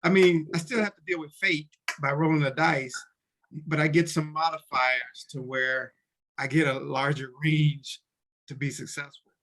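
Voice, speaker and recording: This podcast co-host explains tabletop game rules in a casual chat, his voice a little high and fairly bright, with fairly even intonation at normal speed. He keeps restarting sentences and briefly acts out lines for characters.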